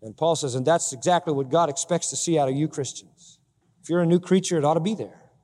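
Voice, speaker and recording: A man delivers a sermon in a high, ringing voice that carries a long reverb, as in a big hall. He swings from loud, emphatic peaks down to quiet, low asides. He keeps asking his congregation pointed questions. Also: quick pace. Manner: asks the congregation direct rhetorical questions. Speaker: preacher.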